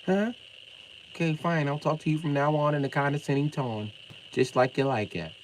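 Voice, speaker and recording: A middle-aged man from Illinois ranting on a live stream, confrontational and profane, swinging from loud outbursts to mock calm. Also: on the high side, moderate pace, a little hiss or hum, rough recording. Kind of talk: heated live-stream rant.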